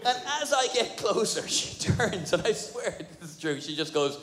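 A middle-aged man performing a fast, animated stand-up comedy routine, slipping into put-on voices. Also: high voice, some chatter behind. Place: large venue with audience. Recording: echoey hall with audience ambience.

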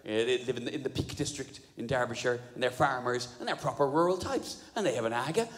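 Talking fast in a medium-pitched voice, a man performs sweary, sardonic stand-up with animated storytelling. It's captured on a stage mic at a live venue, echoey and full of audience sounds.

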